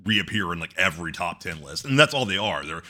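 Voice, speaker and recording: A man's voice: low voice, animated, fast talker, sharp tone. A man co-hosting a podcast in casual, rambling chat, often breaking into laughs. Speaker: podcast co-host.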